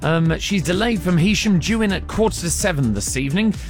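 Male radio host, slightly high, animated delivery, jokey and casual. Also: brisk, faint music behind. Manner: chatty, jokey, with many ums. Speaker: radio presenter. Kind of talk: casual radio chat and travel news. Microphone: studio microphone.

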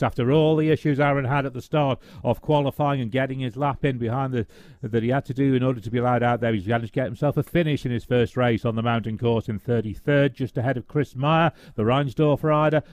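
Man, mid pitch, radio race co-commentator, quick list reading, dry studio sound. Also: darkish tone, no room sound. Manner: fast, reels off finishers and notices.

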